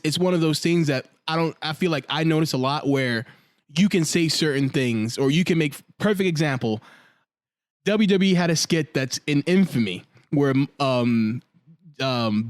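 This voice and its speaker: A man's voice: a little high, moderate pace, no room sound. A man with a slightly raised voice chats on a podcast and tells his stories with energy, slipping into other people's voices for the quotes. The sound is dry and close to the mic, with no room around it. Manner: animated storyteller, acts out quotes. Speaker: podcast co-host. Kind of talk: casual chat.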